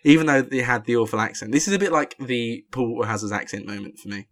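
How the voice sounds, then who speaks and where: A man co-hosting a casual film review podcast, ranting and getting louder when annoyed. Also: fast talker. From London. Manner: ranting, gets loud and high when annoyed. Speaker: podcast co-host.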